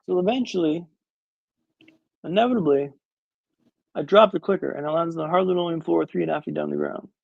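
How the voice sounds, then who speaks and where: A man's voice: a little high, fairly quick, vocal fry, long pauses, no room sound, highs cut off. A man in his thirties telling a story as a podcast guest, dramatic and wry with comic timing. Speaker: guest speaker.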